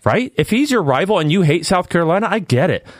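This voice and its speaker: An animated man hosts a casual sports podcast, his voice rising and falling a lot as he rambles through opinions. The sound is close and dry, with no room around it. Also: high voice, fast, dry recording. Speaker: podcast host.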